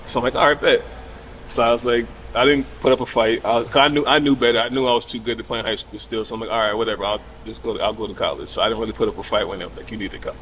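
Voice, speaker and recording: Fast-talking man telling stories. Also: medium pitch, a little hiss or hum. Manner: animated retelling with quoted voices, casual cursing. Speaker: podcast guest. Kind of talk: casual storytelling.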